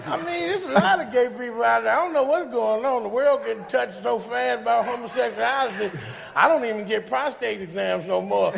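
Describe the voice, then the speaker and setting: A comedian on a live talk show, telling rowdy stories, laughing through his punchlines and shouting the quoted lines. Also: extremely high pitch, brisk, gravelly, some chatter behind. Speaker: comedian guest. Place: ballroom stage before a live audience. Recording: echoey ballroom, long reverb.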